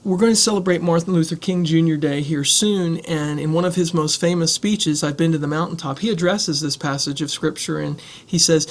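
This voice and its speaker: A male pastor delivers an earnest, reflective sermon, reading passages aloud and then talking them through. His voice sits a little higher than most men's. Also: brisk, hardly any pauses.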